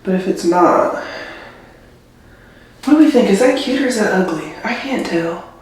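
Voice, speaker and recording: A young nurse does her hair at home while chatting in an animated, slightly mellow mid-range voice at a moderate pace. Her casual vlog talk is rambling, confiding and emotional, heavy on "like," and the room is very echoey.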